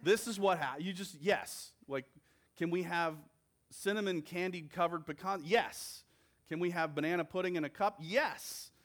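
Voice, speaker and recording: A man voicing an excited male tourist in a sermon anecdote, speaking emphatically. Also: high-pitched, fairly quick, hardly any pauses, pitched above the performer's own voice, lightly acted. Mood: amazed.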